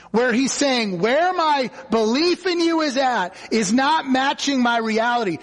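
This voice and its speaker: A male guest pastor preaching a sermon in a church, telling stories and acting out quotes in a lively, conversational way. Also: very high voice. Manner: conversational, animated storytelling with acted quotes. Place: church sanctuary. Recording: church hall reverb.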